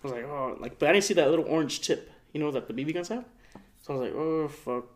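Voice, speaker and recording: A man's voice: a little high, fast talker. A young man casually telling a story on a podcast, slangy and profane, acting out the people in it. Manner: slangy, profane, animated retelling with voiced quotes. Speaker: podcast co-host.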